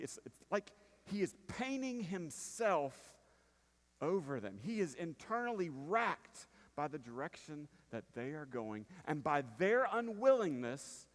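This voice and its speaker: A man preaching a conversational sermon as pastor, dropping to a hush then rising to emphatic points and checking in with the congregation. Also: fairly high pitch. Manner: conversational preaching with frequent "right?" asides, swinging from hushed to emphatic. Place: church sanctuary. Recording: long reverb of a church hall.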